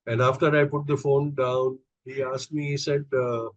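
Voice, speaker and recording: A middle-aged man tells personal anecdotes, pausing often with fillers and restarts. His voice is mid-pitched. The recording is dry and a little dull, like a lo-fi podcast mic. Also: little pitch movement, no echo. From India. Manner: hesitant, many fillers and restarts. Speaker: podcast guest. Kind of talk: conversational storytelling.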